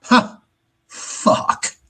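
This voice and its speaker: A man's voice: very slow, sharp tone. A man hosting his own show in a casual, rambling monologue, blunt and heavy on profanity. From United States. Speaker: host.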